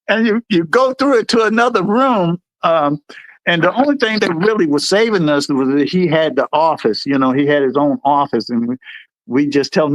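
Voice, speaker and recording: A man's voice: moderate pace, dry recording. A middle-aged American man hosting a livestream, telling service stories and acting out the people in them. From United States. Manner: animated, acts out quotes in a higher voice. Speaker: livestream host. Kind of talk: storytelling chat.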